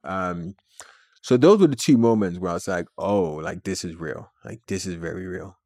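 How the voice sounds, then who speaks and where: A man, a company founder, telling a story as an interview guest in an animated way, with many filler words. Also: sits low, normal speed, no echo, clean studio sound.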